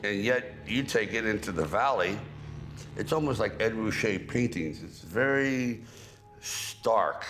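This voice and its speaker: An older man with a very deep, low voice leads a conversational interview. He drawls slowly, musing as he talks and taking his time with each thought. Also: lively intonation, music in the background. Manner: drawling, unhurried, reflective. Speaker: host.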